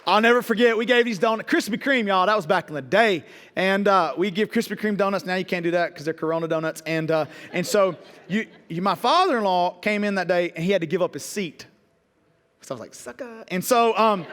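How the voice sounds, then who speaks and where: A middle-aged man, a pastor telling stories in a sermon, lively and joking at his own expense. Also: high-pitched, long reverb tail. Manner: lively storytelling with self-deprecating jokes. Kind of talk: sermon storytelling. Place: church auditorium.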